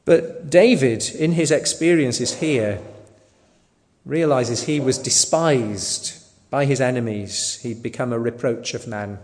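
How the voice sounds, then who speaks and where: A man preaching a sermon in a slow, deliberate way, sometimes asking the listeners rhetorical questions. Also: mid-range voice, darkish tone. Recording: long hall reverb.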